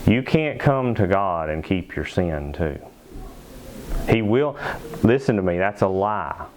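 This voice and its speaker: A man preaching a sermon as pastor in a church, emphatic, slowing down to stress key phrases. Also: sits low, big pitch swings, crowd noise. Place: church sanctuary.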